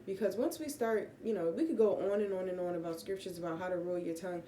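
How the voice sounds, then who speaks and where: A woman's voice: on the low side, quick pace, reverberant, slight background noise. Rambling woman teaching scripture casually. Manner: relaxed, rambling, many fillers and self-corrections. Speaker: vlogger giving Bible teaching. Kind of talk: casual spoken Bible teaching. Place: home room with pets.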